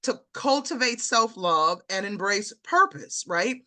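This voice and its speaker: A woman's voice: mid-range voice, lively intonation, slow pace, pushed and bright. Casting: woman interview host, conversational, personal and affirming.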